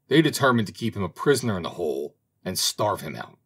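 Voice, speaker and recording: Male audiobook narrator, expressive fairy-tale reader, husky lower voice. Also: a little fast, few pauses. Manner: expressive, dramatic reading. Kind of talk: storybook narration.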